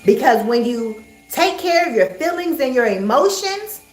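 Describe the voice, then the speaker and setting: Female life coach on a live stream, soothing and encouraging, repeats phrases, slightly high voice, roomy echo. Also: very animated, moderate pace, soft background music. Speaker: spiritual life coach hosting a live meditation. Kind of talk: casual spoken live stream. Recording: echoey room.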